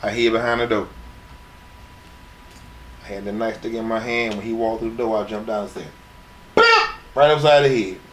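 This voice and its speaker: A man's voice: lowish voice, steady tone, a little fast, pauses often, slight background noise. A middle-aged man in a sit-down interview, telling brash and profane stories from his wrestling years and acting out what others said. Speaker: retired wrestler being interviewed. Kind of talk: profane shoot-interview storytelling.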